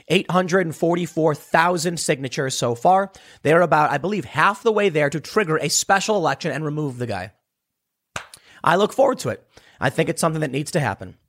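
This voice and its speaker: A man's voice: on the high side, a bit bright. A man delivering a sarcastic political commentary monologue, emphatic and mocking his opponents.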